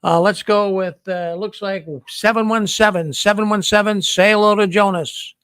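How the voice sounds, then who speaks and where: A man's voice: sits high, fairly even intonation, normal speed, a bit bright, smooth, no echo. A man with a Boston accent hosting a call-in show, talking in a friendly, repetitive way with frequent stammering restarts. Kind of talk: casual call-in show chat.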